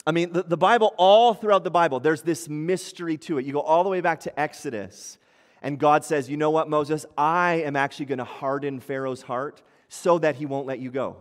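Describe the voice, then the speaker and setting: A man's voice: fairly high pitch, a little fast. Conversational man preaching in a reverberant hall. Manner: conversational preaching with acted-out quotes. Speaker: pastor. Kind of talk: sermon. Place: church hall. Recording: long church hall reverb.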